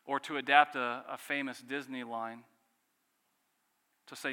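Bright-voiced man preaching in a reverberant hall. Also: medium pitch, little pitch movement, moderate pace. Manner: earnest preaching with rhetorical questions and dramatic drops in volume. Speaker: pastor. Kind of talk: sermon.

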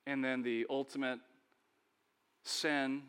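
A man preaching a sermon, animated, acting out characters and calling on the congregation to respond. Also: medium pitch, slow, clear, resonant tone, big-room sound.

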